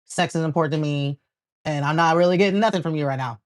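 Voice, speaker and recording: A woman co-hosting a casual reality TV recap, talking in a measured way and quoting the people she discusses. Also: sits low. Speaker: co-host.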